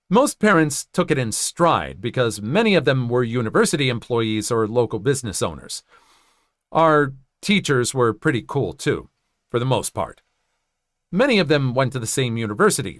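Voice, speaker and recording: A man's voice: medium pitch, dry recording, clean studio sound. A man narrating a first-person story in a conversational way, with joking asides.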